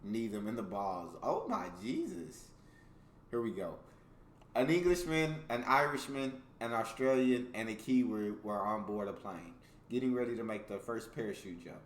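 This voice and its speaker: A man's voice: lowish voice, moderate pace, reverberant, slight background noise. Laughing American man reading jokes. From United States. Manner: laughs often, reacts loosely between readings. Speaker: reaction video host. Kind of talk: casual reaction commentary, reading jokes aloud.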